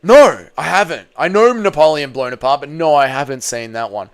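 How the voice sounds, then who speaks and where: Brash Australian streamer, smooth voice. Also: male voice, a little high, moderate pace. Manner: brash, profane banter with viewers. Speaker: livestream host reading chat. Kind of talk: casual live-stream chat.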